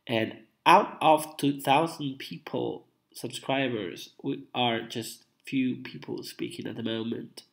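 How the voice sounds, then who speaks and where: A man from Italy with an Italian accent, whose first language is Italian, sounding sick as he chats slowly and repetitively on a live stream. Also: mid-range voice, fairly even intonation, vocal fry. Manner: slow, repetitive, drawn-out. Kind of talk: casual live stream chat.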